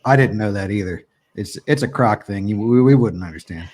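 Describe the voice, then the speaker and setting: A man's voice: lowish voice, brisk, darkish tone. A man co-hosting a podcast in casual chat, teasing his co-host with profane banter.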